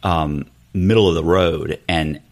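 A man casually telling a rambling personal story on a podcast, acting out the other people's lines in high-pitched voices. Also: slow pace. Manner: animated, acts out quoted dialogue with high-pitched voices; loose and rambling with restarts.

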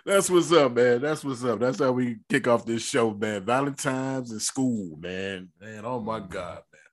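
A man's voice: mid-range voice, measured pace. A man hosting a podcast, bantering loosely among friends with lots of slang and laughter. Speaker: podcast host. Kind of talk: casual chat.

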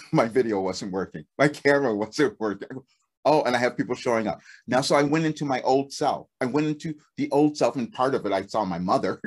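A man who works as a channeler, telling a story in casual conversation with frequent laughter. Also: mid-range voice. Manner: animated storytelling, laughs often. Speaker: channeler and guest.

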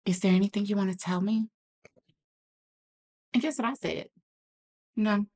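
A woman's voice: medium pitch, normal speed, warm tone. A woman talking candidly as a podcast guest, earnest and reflective, acting out the lines of others in her story.

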